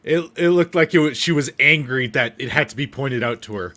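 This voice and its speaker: A man on a stream panel, weighing his opinions in a measured, casual way. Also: mid-range voice, sharp tone. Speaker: panel guest. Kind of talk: casual live stream chat.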